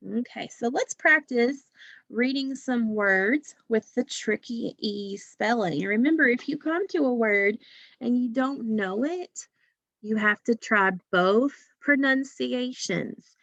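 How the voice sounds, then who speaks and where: A woman's voice: a little high, animated, a little slow, a bit bright, dry recording, highs cut off. A woman teacher giving a phonics lesson to young children, patient and drawing out each sound.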